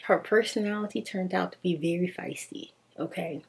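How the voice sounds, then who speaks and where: A woman casually telling a personal story in an animated, slangy way, laughing often. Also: on the low side, normal speed, creaky, breathy edge.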